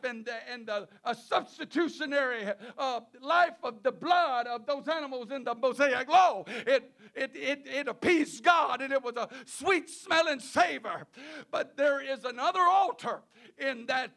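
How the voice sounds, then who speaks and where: A male preacher delivering a sermon in a halting way, often repeating words and restarting, with chuckles between phrases. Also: very high-pitched, gravelly, bright, forceful tone.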